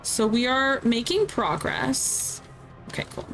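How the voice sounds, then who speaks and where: A woman's voice: fairly high pitch, very animated, takes it slowly, fairly bright tone, soft background music, rough recording. Chatty woman streamer, light voice. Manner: chatty and candid, reacts aloud. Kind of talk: casual gameplay commentary.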